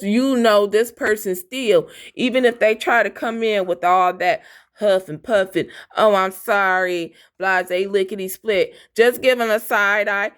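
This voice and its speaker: A woman giving a fiery, profane tarot reading, blunt and defiant. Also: medium pitch. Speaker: tarot reader.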